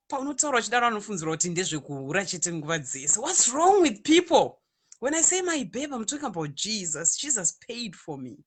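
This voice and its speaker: A woman's voice: medium pitch, very animated, brisk, slightly rough. A Zimbabwean woman with a Zimbabwean accent, talking casually and animatedly to her viewers, switching between Shona and English. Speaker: online radio DJ and ministry speaker.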